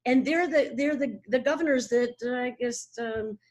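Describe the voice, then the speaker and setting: A woman in her sixties, a voice actor chatting as a guest in an animated, laughing way. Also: on the high side, normal speed. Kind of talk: casual interview chat.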